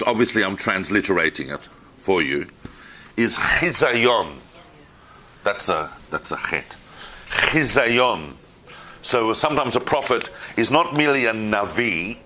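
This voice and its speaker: A man's voice: lowish voice, slight background noise. A man giving an informal lecture to a class, asking questions of the room and answering them himself. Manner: animated, asks the room questions.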